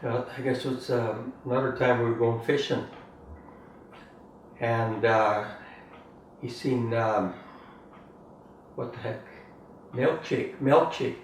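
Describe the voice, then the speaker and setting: A man's voice: medium pitch, little pitch movement, takes it slowly, pauses often. An older man reminisces in a rambling, chuckling way, often tagging his sentences with "eh?". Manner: rambling, chuckling, ends phrases with "eh?". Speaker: family storyteller. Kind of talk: casual reminiscing. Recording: roomy, distant mic, faint room noise.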